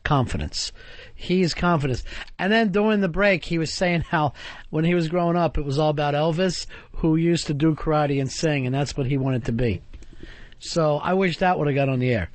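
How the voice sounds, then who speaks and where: A man banters on a radio show in a studio, blunt, teasing and liberal with swearing. His voice sits a little high for a man. He talks in loose, casual bursts. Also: moderate pace, no echo.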